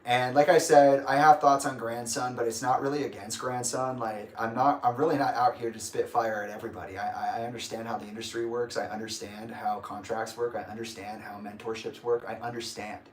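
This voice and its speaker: A man ranting casually on a livestream, swearing and emphatic, with sudden bursts of shouting. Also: mid-range voice, little pitch movement, a little fast, few pauses. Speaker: livestream host.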